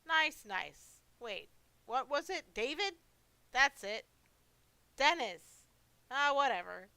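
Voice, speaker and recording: A woman's voice: sits high, sing-song, slow pace, vocal fry, pushed and bright, clear, resonant tone, dry recording, voice pushed up, exaggerated voice, rough recording. A woman voicing a lonely, forgetful old male monster in a horror game, who rambles and mocks himself. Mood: chatty. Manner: rambling, self-mocking, talks to himself.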